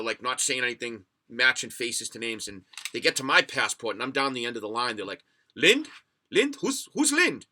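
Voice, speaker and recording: American guy hosting a livestream, rambly, swears a lot, reads chat, bright sharp voice. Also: medium pitch. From United States. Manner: rambling, profane storyteller reading chat comments. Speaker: livestream podcast host.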